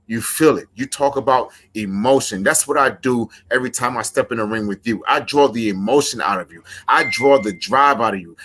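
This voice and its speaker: A man's voice: medium pitch, bright, forceful tone. A man cutting a wrestling promo, intense and emphatic, repeating lines for effect.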